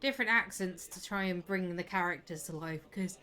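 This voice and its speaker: A woman's voice: on the low side, a bit bright. A young woman chatting casually and laughing easily while she plays and comments on a video game. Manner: chatty, giggly, exclaims at the game. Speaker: game streamer. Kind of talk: casual live gameplay commentary. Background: game music.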